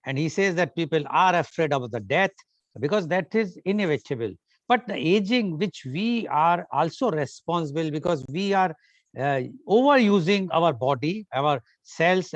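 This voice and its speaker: Man, Indian English accent, moderator, fairly high voice, hesitant, dull muffled audio. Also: expressive, normal speed, no room sound. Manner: hesitant, many "uh" fillers. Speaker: conference moderator. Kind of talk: summarizing at a media conference.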